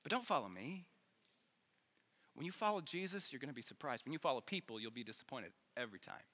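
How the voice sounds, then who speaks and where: A man preaching an earnest, energetic youth sermon, repeating phrases for emphasis, in a large church hall. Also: mid-range voice, quick pace. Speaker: youth pastor. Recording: long hall reverb.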